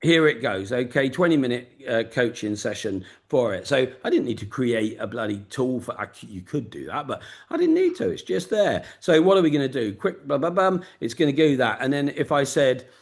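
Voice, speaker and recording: A man's voice: medium pitch, sing-song, a little fast, vocal fry, hardly any pauses. A man with a Luton and Peterborough accent, mentoring a group over a video call in a blunt, sweary, straight-talking way. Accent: English, Luton and Peterborough. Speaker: business mentor. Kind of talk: casual mentoring session.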